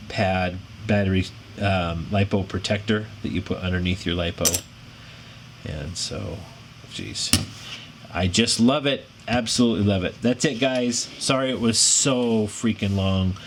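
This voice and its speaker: Rambling middle-aged American builder, lowish voice. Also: male voice. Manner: rambling, self-deprecating, apologetic, growls when frustrated. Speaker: drone builder reviewing a frame. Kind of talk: casual build tutorial chat. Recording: audible background noise.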